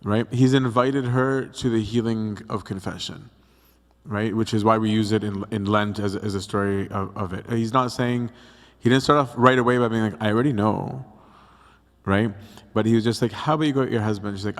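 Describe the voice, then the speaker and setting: A man's voice: on the low side, fairly even intonation, brisk. A young adult male priest giving a casual, conversational youth talk on scripture. He acts out the quotes and keeps checking in with "right?". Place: church hall. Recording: long hall reverb.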